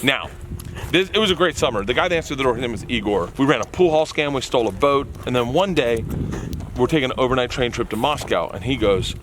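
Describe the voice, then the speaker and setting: Guy telling a crazy story, doing all the voices, pitch all over the place, street noise around. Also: fast talker. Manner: excitable, acts out voices, laughs a lot. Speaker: comedian guest. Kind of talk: animated storytelling.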